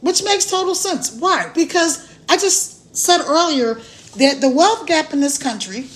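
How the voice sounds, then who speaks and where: High-voiced chatty woman on a phone livestream. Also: unhurried. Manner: chatty and animated, laughs often. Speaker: online business promoter. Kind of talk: casual live-stream chat.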